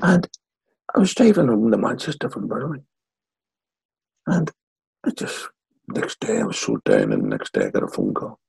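Older Northern Irish man, guest storyteller, deep gravelly and husky, dry close sound. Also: normal speed, long pauses, no room sound, rough recording. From Northern Ireland. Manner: lively yarn-spinner acting out quotes. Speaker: guest, former footballer. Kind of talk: anecdotal storytelling.

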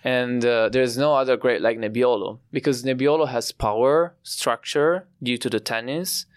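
Italian-accented winemaker, smooth clear voice. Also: male voice, mid-range voice, dry recording, clean studio sound. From Italy. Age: young adult. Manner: explanatory, proud, with frequent "uh" pauses. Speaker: winemaker guest. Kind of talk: podcast interview.

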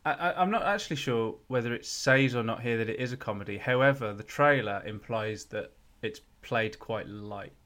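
A man in casual chat, speaking in a measured way and asking curious questions. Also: mid-range voice, fairly bright tone.

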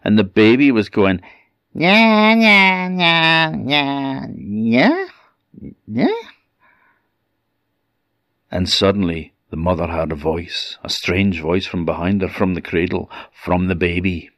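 A man with an Orkney accent telling a folk tale in a measured way with dramatic pauses. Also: low-pitched, fairly even intonation, no echo. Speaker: storyteller. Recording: dull, dry recording.

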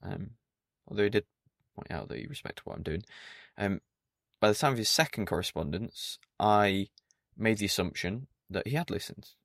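A man hosts a solo podcast in a dry, pedantic, mock-stern manner. His voice sits low with a gravelly fry. The recording is close and dry, with no room sound. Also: lively intonation, moderate pace, few pauses, a bit bright, no room sound. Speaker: podcast host.

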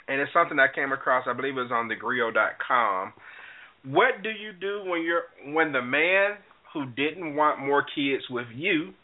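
A man hosting a call-in talk radio show, giving lively, lecturing commentary. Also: mid-range voice. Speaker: radio host. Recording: tinny phone-like sound.

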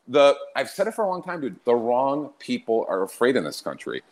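A man's voice: medium pitch, very animated, brisk. A man hosting a podcast, ranting in a brash, mocking way and laughing often in casual, profane chat. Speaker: podcast host.

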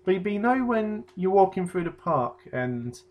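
A man's voice: sits high, sing-song, normal speed, lo-fi sound. A man in his twenties telling a story in casual chat, laughing often and acting out what people said. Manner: laughing storyteller, acts out quotes.

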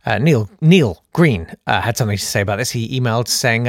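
A man hosting a satirical comedy monologue, sarcastic and mock-indignant, who sometimes breaks into shouted riffs. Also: medium pitch, expressive, fairly quick, hardly any pauses, dry recording, clean studio sound. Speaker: comedian host.

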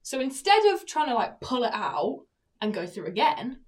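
Excitable young woman, lively pitch. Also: moderate pace. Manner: animated, excitable storyteller who swings loud and high. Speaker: podcast co-host. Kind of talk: casual chat, storytelling.

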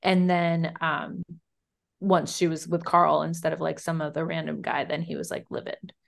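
A woman's voice: sits low, little pitch movement, normal speed, creaky. A woman co-hosting a podcast in casual chat, talkative, swearing freely and laughing often. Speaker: podcast co-host. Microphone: remote call recording.

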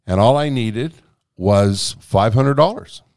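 A man telling a long anecdote as a guest in a conversation, animated and freely swearing. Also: mid-range voice, slow pace. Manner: animated, profane storytelling. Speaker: guest storyteller.

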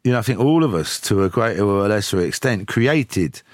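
A man, telling lively anecdotes with chuckles as a studio guest. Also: fairly low pitch, a little fast, no room sound. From England. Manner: lively, chuckling storyteller with frequent "you know". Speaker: musician, guest. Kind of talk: casual chat, anecdotal storytelling.

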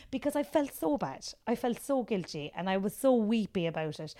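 Animated Cork woman telling stories. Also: mid-range voice, brisk, few pauses. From Ireland. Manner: animated storyteller, acts out quotes. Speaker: guest comedian. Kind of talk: casual chat.

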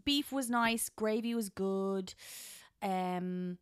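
An Irish woman co-hosts a podcast, chatting casually and telling stories with animation while doing the voices of people she quotes. Her mid-range voice is smooth and extremely slow.

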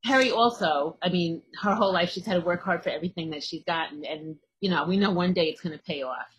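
A woman's voice: lowish voice, fast talker, slightly rough, lo-fi sound. A woman interviewing a guest in a friendly, encouraging way, with many fillers. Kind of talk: casual interview chat.

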